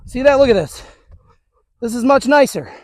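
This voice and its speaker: A man's voice: very high voice, expressive, normal speed. A male dog trainer giving an upbeat, chatty demonstration outdoors on a suburban street, talking to viewers while praising the dogs.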